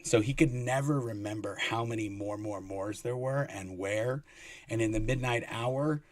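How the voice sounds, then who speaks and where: A man telling rambling, animated anecdotes as a guest, with many restarts. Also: mid-range voice, no room sound. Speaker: guest, former Sea Org member. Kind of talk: casual storytelling in an interview.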